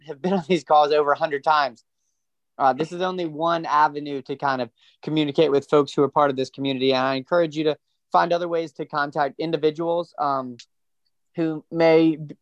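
A man's voice: fairly high pitch, dry recording, highs cut off. A man hosting a community call, inviting questions in a welcoming, slightly formal way. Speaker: call moderator.

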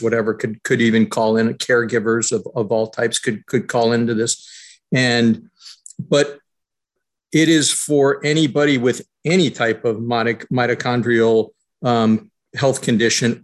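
A man speaks on a video call, his voice sitting in an ordinary middle pitch. He explains in a halting way, restarting phrases and repeating words as he goes. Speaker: support group participant. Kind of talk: casual video call chat.

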